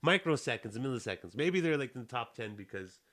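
A man's voice: medium pitch, expressive, fast, fairly bright tone. A young man from Canada in casual chat, rambling and teasing with frequent laughter.

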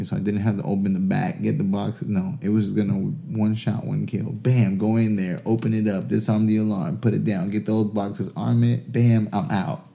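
A man's voice: on the low side, vocal fry. A man telling a long casual story, swearing freely and laughing as he goes. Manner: animated, profane, laughs through his stories.

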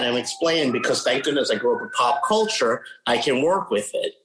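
A man's voice: mid-range voice, a little fast, background noise. Chatty man explaining his work. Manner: chatty, animated, imitates voices he describes. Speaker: psychic medium guest. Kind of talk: casual interview talk.

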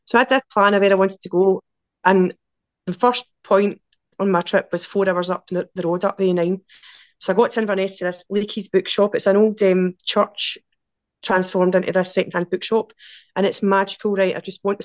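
Fast-talking Glaswegian woman in her forties. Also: mid-range voice, dry recording. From Scotland. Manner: lively and chatty, quick run-on anecdotes. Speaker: podcast guest. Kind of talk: casual storytelling.

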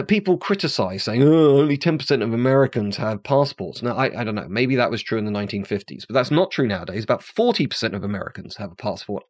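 A man's voice: medium pitch, no room sound, clean studio sound. Chatty man rambling through film trivia. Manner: chatty, digressive, corrects himself mid-sentence. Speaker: film commentator. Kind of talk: casual film-history monologue.

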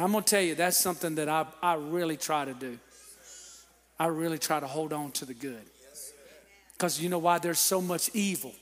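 A man preaching a sermon in a church, calling on the congregation to answer back and building to shouted peaks. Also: fairly high pitch. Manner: preaching with call-and-response to the congregation. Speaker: pastor. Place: church sanctuary. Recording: long reverb of a church hall.

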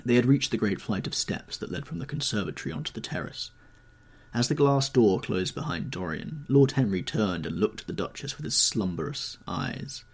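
A man narrating a classic novel in a measured, expressive audiobook reading. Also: fairly low pitch, creaky, breathy edge. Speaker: audiobook reader.

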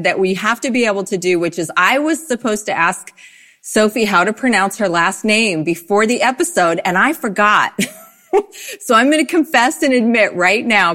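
A woman's voice: medium pitch, a bit bright. A woman co-hosting a podcast who introduces her guest in a gushing, effusive way, often laughing. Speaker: podcast co-host.

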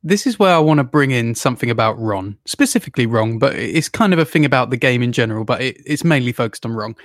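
Animated voice, very lively pitch. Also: quick pace, dry recording, clean studio sound. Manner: animated, swears freely, laughs often. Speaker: podcast co-host. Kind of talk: casual gaming chat. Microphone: own microphone on a remote call.

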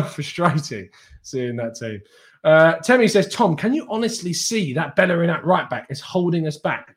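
A young man hosting a football live stream, reading viewer chat and bantering with them, laughing often. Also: fairly high pitch.

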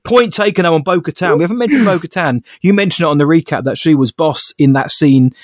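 A man's voice: fairly high pitch, fast talker. A man co-hosting a podcast in casual chat, an enthusiastic fan who laughs often. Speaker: podcast co-host.

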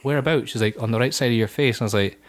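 A man's voice: medium pitch, racing. A man in his thirties co-hosting a podcast, telling jokey, sweary stories in casual chat. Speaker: podcast co-host.

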